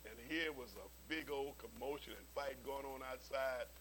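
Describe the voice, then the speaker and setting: A man's voice: mid-range voice, moderate pace, a little hiss or hum, poor audio. A man preaching a sermon as pastor, telling stories with humorous asides and often repeating his words as he starts a sentence. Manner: animated storytelling with humorous asides.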